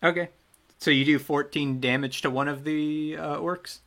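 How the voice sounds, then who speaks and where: A man's voice: on the high side, fairly even intonation, normal speed, fairly bright tone. A man running a tabletop game as game master, narrating the action in a loose, chatty way that often trails off and restarts.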